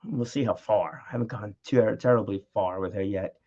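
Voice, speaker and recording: A man's voice: lowish voice, moderate pace, warm tone. A middle-aged man talking casually at home in a rambling vlog, with lots of fillers. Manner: rambling, chatty, frequent fillers and laughs. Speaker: vlogger. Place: home, with a dog nearby. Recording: dull lo-fi audio.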